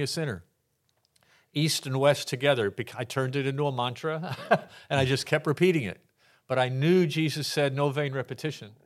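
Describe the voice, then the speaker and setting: An older man from Texas shares his personal faith story as a podcast guest. He tells it in a lively way, slips into the voices of the people in his anecdotes and laughs often. His voice sits at an ordinary pitch for a man.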